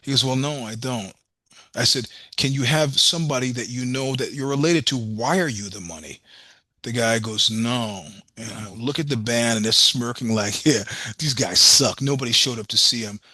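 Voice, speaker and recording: A man's voice: medium pitch, moderate pace, bright, forceful tone, no room sound. Blunt, profane middle-aged man telling stories. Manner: blunt, profane storyteller acting out dialogue. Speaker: podcast guest, musician. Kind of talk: casual storytelling interview.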